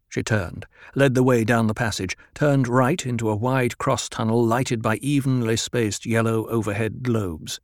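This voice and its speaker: Calm male audiobook narrator, dry sound. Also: medium pitch, no echo. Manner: calm, even, measured reading. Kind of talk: scripted narration.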